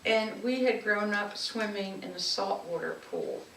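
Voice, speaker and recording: Unhurried and medium-pitched, a woman shares affectionate personal memories at a community anniversary gathering, speaking the way one gives a public speech. Her voice reaches a far-off mic in an echoey room, with faint background noise.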